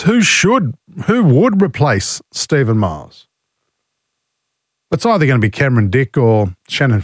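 An Australian man hosts talkback radio with a slightly high voice and a dry, close studio sound. He is fighting a cold and talks bluntly, indignant and opinionated. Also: no echo. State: has a cold. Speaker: talk radio host. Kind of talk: talkback radio, reading listener texts.

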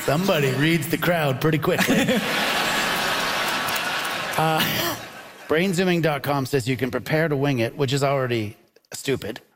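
A man hosting a live comedy panel show, upbeat and punny, quick to laugh at his own jokes. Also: on the high side. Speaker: game show host. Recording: noisy live audience recording. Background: audience laughter.

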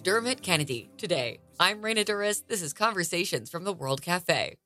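A woman's voice: lowish voice, very animated, normal speed, pushed and bright, no room sound. Woman host over a music bed. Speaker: radio show host. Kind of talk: scripted radio introduction.

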